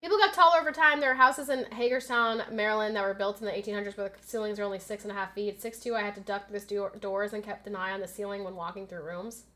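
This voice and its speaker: Bright-voiced chatty American woman streamer. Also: medium pitch, steady tone, fast talker, few pauses. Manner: chatty, reads chat aloud, gets loud and frantic in fights. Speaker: game streamer. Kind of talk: casual live-stream chat while gaming.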